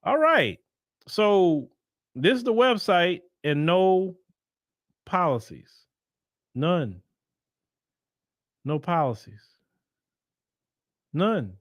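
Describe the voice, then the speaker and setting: Guy ranting on his own commentary show, high voice that swings all over, sarcastic. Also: lively intonation, slow pace, long pauses, dry recording, studio quality. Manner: emphatic, fires off repeated rhetorical questions; sarcastic asides. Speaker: host of a political commentary show. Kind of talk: solo political commentary.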